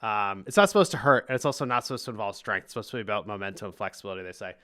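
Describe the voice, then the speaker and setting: Male podcast host, bright and forward voice, chatty and playful, laughs between lines. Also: on the low side, racing. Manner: playful storyteller, animated, laughs often. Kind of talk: casual chat.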